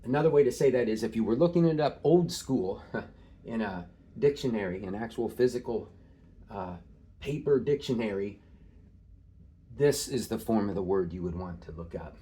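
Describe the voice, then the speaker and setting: A man teaching an informal screen-share lesson in a relaxed way, with many filler sounds, slowing down to stress key terms. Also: lowish voice.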